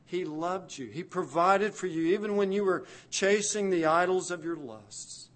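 A male preacher delivering a sermon at a slow, deliberate pace. His voice sits a little higher than most men's. He tells the story dramatically and swings from hushed lines to loud, urgent ones.

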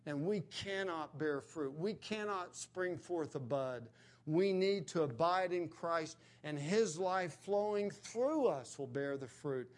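A man preaching a sermon, earnest and emphatic, pressing his points with rising stresses. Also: a little high.

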